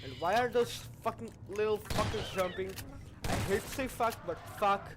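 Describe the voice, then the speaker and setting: High-pitched swearing young gamer. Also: male voice, normal speed. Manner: swearing loudly, panicked yelling. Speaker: gaming channel host. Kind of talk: horror game let's play. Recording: noisy with game gunfire behind.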